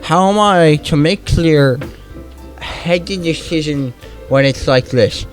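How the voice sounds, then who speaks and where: A young man playing an awkward comedic persona, reading a visual novel aloud in character with slurred, wet-mouthed speech, halting and stumbling over his words in a deadpan way. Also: on the high side, faint music behind, low-quality recording. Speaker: comedic let's-play persona.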